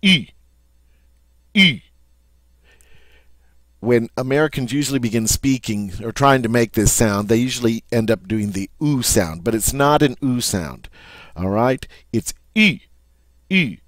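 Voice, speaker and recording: A man's voice: mid-range voice, moderate pace, no room sound. A man teaching French pronunciation, patiently modeling each sound and checking in with "all right?" as he goes. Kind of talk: pronunciation lesson.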